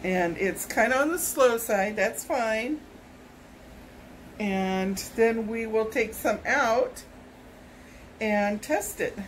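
A woman's voice: a little high, slow pace, pauses often, a little hiss or hum, poor audio. A woman, vlogging a casual product unboxing at home, chatty and rambling with self-corrections. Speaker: YouTube vlogger.

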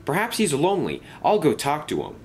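A man's voice: on the high side, huge pitch swings, brisk, a little hiss or hum, voice pushed up. A man voicing a kind, sensible engine, Edward. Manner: gentle and reasonable. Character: kind, wise older male blue engine.

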